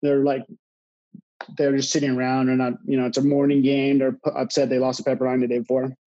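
A man's voice: medium pitch, muffled recording. A man in his thirties, a college sports coach, telling a personal story to a live audience with many fillers and restarts. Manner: halting, many fillers and restarts, grows animated. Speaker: college water polo coach.

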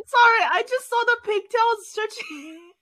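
A woman's voice: extremely high pitch, measured pace, very noisy. A young woman on a voice call with friends who laughs a lot and exclaims often. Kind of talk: casual chat. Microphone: voice chat call.

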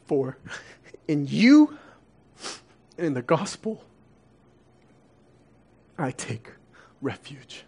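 A young adult man preaching a sermon, earnest and confessional, dropping soft and then rising to emphatic peaks. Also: on the high side, sing-song, drawn-out words, creaky, pauses often, husky.

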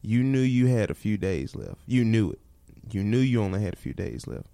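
A man's voice: on the low side, sing-song, fairly quick, creaky, warm tone, dry recording. A man hosting a podcast, talking bluntly and frankly in casual slang. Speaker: podcast host.

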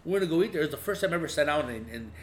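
A man's voice: a little high, expressive, rapid-fire. A man telling profane stories in a casual chat, laughing often. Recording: echoey room with faint hum.

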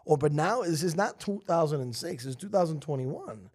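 A man co-hosting a sports radio show, teasing his partner and bossing him around in quick banter. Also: a little high, expressive, darkish tone. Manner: needling, bossy, gives orders. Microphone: studio microphone.

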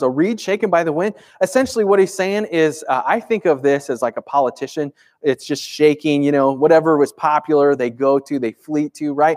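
Man, slightly high voice, preaching, chatty, rhetorical questions. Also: darkish tone. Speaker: pastor. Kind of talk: sermon.

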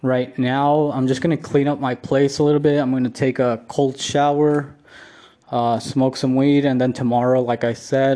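A vlogger with a mellow, medium-pitched voice rambles through a casual story alone at home. He curses, says the same things over, and fills gaps with "like" again and again.

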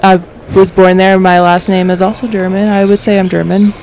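Female guest, mid pitch, relaxed, giggly, lots of fillers. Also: fairly quick, slight background noise, poor audio. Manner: relaxed, laughs easily, many fillers. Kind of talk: casual movie review chat.

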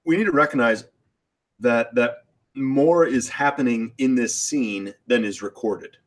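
A man's voice: medium pitch, unhurried. A man in a casual theology chat, explaining points and thinking aloud with frequent hedges. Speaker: podcast co-host.

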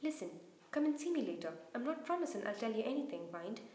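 A woman reading aloud, voicing a big, gruff, shifty groundskeeper in a hushed, scolding manner. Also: a little high, very animated, fast. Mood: hushing. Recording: roomy echo.

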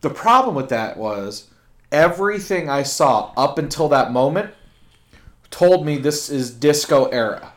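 A man's voice: fairly high pitch, animated, unhurried. A man co-hosting a casual podcast conversation. He is blunt and opinionated and swears offhandedly. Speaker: podcast co-host. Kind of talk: casual chat.

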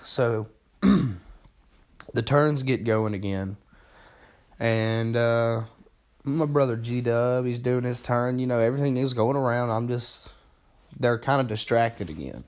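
A man's voice: mid-range voice, measured pace, darkish tone. A young man hosting a podcast, telling a story in a casual, profane, self-mocking way that rambles along. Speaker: podcast host.

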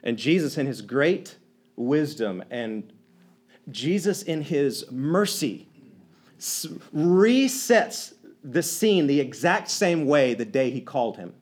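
A man's voice: mid-range voice, slow pace. A man preaching a conversational sermon, retelling a story with restarts and acting out the characters' lines. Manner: animated, acts out quoted lines, many restarts.

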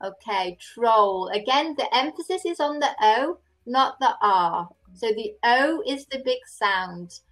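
Slow-speaking English tutor woman. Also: on the high side, animated, fairly bright tone. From England. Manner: patient, models words to repeat. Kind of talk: online pronunciation tutoring.

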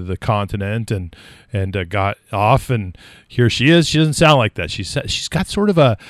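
A man's voice: fairly low pitch, no room sound. A man hosting a community radio show, talking casually and rambling with many fillers and restarts.

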